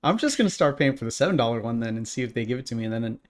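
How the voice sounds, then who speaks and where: A man's voice: mid-range voice, rapid-fire. Laid-back podcast co-host man. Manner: relaxed, lots of fillers like "like" and "um". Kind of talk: casual chat.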